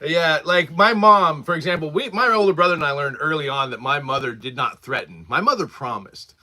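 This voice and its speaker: A man in his forties hosts a casual livestream from his workshop, rambling through stories, laughing often, and answering chat. His voice is on the high side and sharp in tone, and he speaks a little fast.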